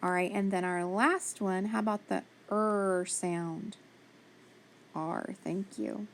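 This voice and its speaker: A woman's voice: medium pitch, slow pace, a little hiss or hum. A woman teaching a phonics spelling lesson, patiently sounding out letters and praising each answer.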